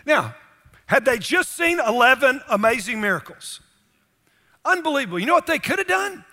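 A man preaching with an emphatic delivery, throwing rhetorical questions at his listeners. His voice sits high and sounds bright, and a long reverb trails behind it. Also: big pitch swings, normal speed. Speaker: pastor. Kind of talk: sermon.

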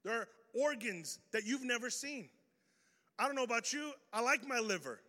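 Animated preacher with a bright voice. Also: male voice, very high voice, normal speed. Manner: animated, swings from loud to hushed. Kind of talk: energetic sermon with storytelling. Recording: reverberant hall.

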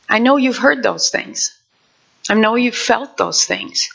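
A woman's voice: on the high side, expressive, slow pace, creaky, fairly bright tone, highs cut off. A woman pastor preaching a fervent sermon, moving from prayer to acting out voices.

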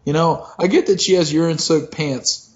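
A man's voice: a little high, steady tone, normal speed. A man co-hosting a casual comedic podcast chat, joking and swearing with frequent laughs. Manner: laughing, swearing, jokey asides. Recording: dull lo-fi recording.

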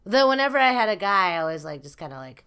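A woman's voice: medium pitch, sing-song, quick pace, sharp tone, clean tone. A woman co-hosting a podcast in a casual chat, supportive and laughing often. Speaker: podcast co-host.

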